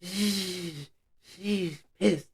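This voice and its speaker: A man's voice: high-pitched, extremely slow, creaky, slightly rough. A man co-hosting a podcast, telling a story in casual, profane slang and acting out what everyone said. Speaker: podcast co-host.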